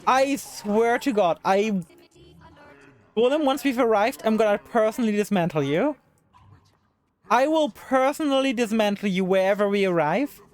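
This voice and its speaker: A woman's voice: medium pitch, animated, normal speed, darkish tone, faint music behind. Exasperated woman streaming a game. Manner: exasperated, talks to the game characters; swears freely. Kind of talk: live gameplay commentary.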